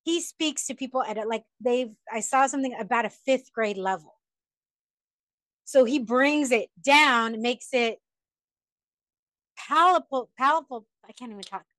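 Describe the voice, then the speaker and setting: Rambling, higher-voiced woman podcast host. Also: normal speed, long pauses, fairly bright tone, dry recording. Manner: rambling, restarts and repeats words. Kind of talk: casual podcast chat.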